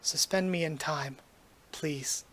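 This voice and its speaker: A vain young male peacock working a dull civil-service job, soft-spoken and melancholy, as a man reads him from a manga. He sounds subdued, his voice sitting a little high. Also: slow.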